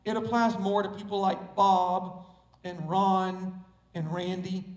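A man's voice: sits high, fairly even intonation, slow pace. A man with a Southern US accent preaching a sermon as pastor, stressing and repeating key words. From Southern United States. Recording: echoey room, mic far off.

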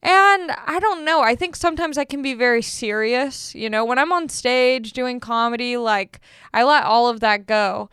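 A woman's voice: on the high side, normal speed, a bit bright, clean tone, dry recording, clean studio sound. A young woman, a comedian hosting a podcast, telling stories in casual, self-deprecating chat. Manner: chatty, self-deprecating storytelling.

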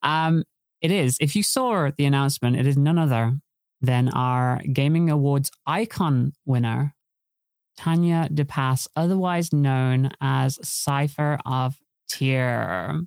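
A man's voice: mid-range voice, takes it slowly, vocal fry, a little mellow, no room sound, studio quality. A man hosting a live-streamed podcast, rambling and giggly, often laughing at himself. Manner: giggly, self-deprecating, rambling. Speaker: podcast host.

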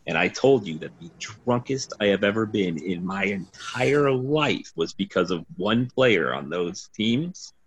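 Man, low husky voice, rambling storyteller with curses, dull lo-fi recording. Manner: rambling, swearing, laughing storyteller. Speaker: podcast guest, former team DJ. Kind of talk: casual storytelling. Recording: dull lo-fi sound.

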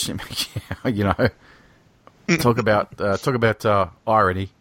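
A man's voice: fairly low pitch, steady tone, a little slow, a bit bright, no echo. A man co-hosting a casual film discussion, talking bluntly with swearing and jokes. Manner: blunt, profane, joking.

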